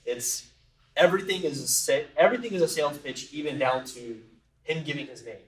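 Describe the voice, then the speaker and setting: A man talks through his thoughts in a relaxed, rambling way. His voice sits mid-pitch, carries room echo, and sounds a little away from the mic. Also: fairly quick. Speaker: tabletop game player. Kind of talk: casual chat. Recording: roomy and distant from mic.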